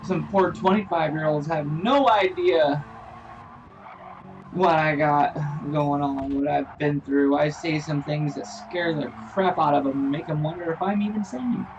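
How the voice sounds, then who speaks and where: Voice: mid-range voice, normal speed, hardly any pauses, a little mellow. A sim racing commentator giving casual live race commentary, rambling and joking with frequent laughs. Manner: jokey, rambling, laughs often. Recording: distant dull lo-fi mic with faint noise.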